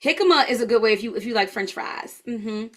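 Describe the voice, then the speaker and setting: A woman's voice: a little high, animated, brisk. Tired, chatty woman health coach. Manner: chatty and informal, addressing viewers as y'all. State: tired, yawning. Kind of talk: live online class, casual talk to viewers.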